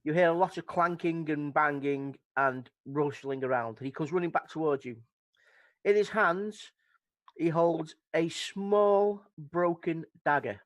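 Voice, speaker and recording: A man narrating a tabletop game as game master, describing scenes in a relaxed way. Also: fairly high pitch, a little slow.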